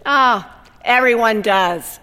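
A woman's voice: on the high side, slow, sharp tone, smooth. A woman voicing a friendly, apologetic middle-aged male building foreman in a story read aloud. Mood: polite. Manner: polite and apologetic. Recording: long hall reverb.

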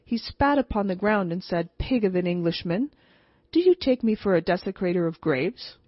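Lady reading as a shrill cranky old village mayor, grumbly, a bit husky, dull old audiobook sound. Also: expressive, normal speed, no room sound, natural voice. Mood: indignant. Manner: shrill, complaining. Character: irritable older male Breton village mayor.

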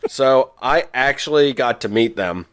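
A man's voice: mid-range voice, expressive, measured pace, a bit bright. Rambling podcast storyteller man. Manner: rambling storyteller, many restarts and quoted asides. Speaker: podcast co-host. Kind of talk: casual chat.

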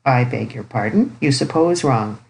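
A woman's voice: extremely low pitch, animated, normal speed, vocal fry, darkish tone, pitched below the performer's own voice, heavily acted, rough recording. Woman reading as a dry, grave old uncle. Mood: stern. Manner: grave, precise, ironic. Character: stern, dry, elderly bachelor uncle. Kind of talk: audiobook character reading.

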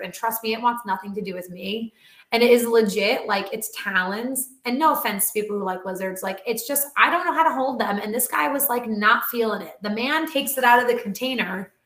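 A woman who trains dogs and animal talent, telling a story in a casual interview with animated, chatty energy and lots of "like.". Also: medium pitch. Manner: animated, chatty, heavy use of "like". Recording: roomy echo.

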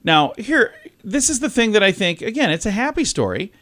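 Guy radio host, high voice, chatty storyteller, kinda animated. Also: brisk. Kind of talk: casual radio chat.

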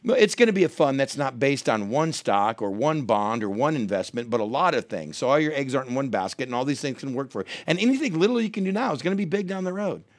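Man, 30s, pastor; lively storytelling sermon, middle pitch with wide swings. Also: fast talker, hardly any pauses, dry recording. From United States. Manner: animated storytelling, acting out quoted voices with big pitch jumps.

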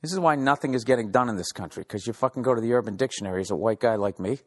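A man's voice: medium pitch, very fast, in a large hall. A man hosting a comedy podcast, delivering a casual, rambling monologue full of profanity and sarcasm. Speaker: podcast host.

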